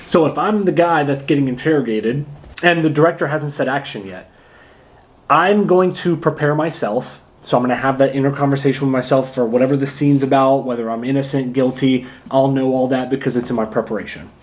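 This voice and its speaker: Energetic man coaching actors. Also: medium pitch, a little fast. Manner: energetic, emphatic, demonstrates with his body. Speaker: acting coach. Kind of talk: casual instructional talk to camera.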